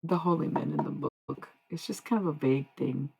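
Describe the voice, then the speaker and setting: A woman's voice: sits low, a little fast, vocal fry, warm tone, breathy edge, poor audio. A woman livestreamer in rambling casual chat, meandering and answering her chat as she goes. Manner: meandering, talks to chat, trails off.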